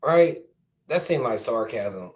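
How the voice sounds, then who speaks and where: A man's voice: medium pitch, lively intonation, takes it slowly. A man hosting a live reaction video, reading news aloud in casual slang. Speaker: reaction channel host.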